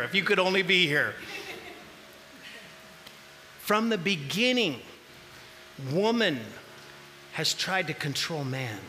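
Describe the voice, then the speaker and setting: Preacher, male, high and lively delivery, slow and deliberate, echoing hall. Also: slight background noise. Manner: animated, acts out voices in the scripture, shouts at peaks. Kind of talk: sermon.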